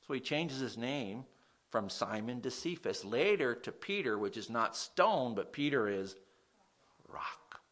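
Male preacher, sermon, expressive rising and falling pitch, mid-range voice, chatty, asks the audience questions. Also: unhurried.

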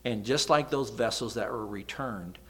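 A middle-aged man preaching a sermon in an animated, dramatic way, dropping into sudden soft asides. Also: medium pitch, normal speed.

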